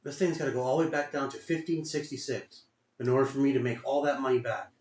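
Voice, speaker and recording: A man's voice: medium pitch, fairly even intonation, fast talker, a little mellow. Muttering frustrated man in an echoey room. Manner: frustrated, muttering, cursing, repeating himself. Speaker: day trader streaming his trades. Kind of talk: live trading commentary. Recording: roomy echo.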